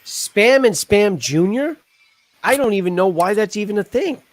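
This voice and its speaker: A man's voice: high-pitched, expressive, normal speed. A man hosting a casual live stream chat, joking and rambling with plenty of fillers. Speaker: host.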